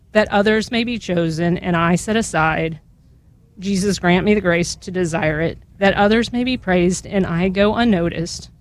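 A woman guest on a radio show, slowly and earnestly reading a long prayer aloud, her voice at times catching with emotion. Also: mid-range voice. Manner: slow, earnest recitation.

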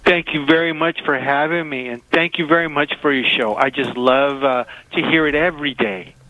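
A man calling in to a radio show by phone, telling a heartfelt story haltingly and with many hesitations. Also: a little high, pushed and bright, rough recording. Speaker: caller. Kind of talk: call-in radio talk. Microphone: phone call.

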